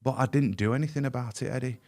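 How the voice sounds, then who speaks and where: During a podcast interview, a middle-aged guest shares his personal story with candor, often starting sentences over. His voice is mid-range with a darkish tone, and the first-person account comes across as vivid and frank.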